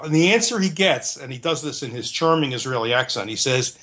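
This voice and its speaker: A man's voice: medium pitch, expressive, a little fast, sharp tone. A man as an interview guest, explaining in a conversational way, earnest and restating his points as he searches for words.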